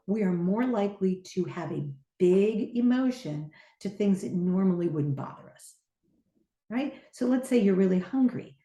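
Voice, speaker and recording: A middle-aged woman teaching on a podcast, an animated storyteller who acts out the voices she quotes. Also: medium pitch. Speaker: podcast guest, teacher and trainer. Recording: echoey room.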